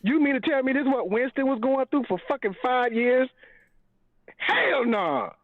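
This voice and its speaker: A man calling in to a podcast, loud and profane, ranting and shouting about a lost game. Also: very high voice, animated, normal speed, no room sound. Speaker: regular podcast member calling in. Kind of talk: angry fan rant. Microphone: phone call-in. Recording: muffled call-in line.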